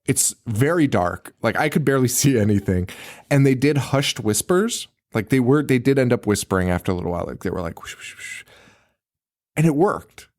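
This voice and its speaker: A man's voice: medium pitch, a little mellow. A man co-hosting a horror movie podcast, telling the plot in a loose, swearing way and acting out the characters' lines. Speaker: podcast co-host. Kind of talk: casual podcast movie chat.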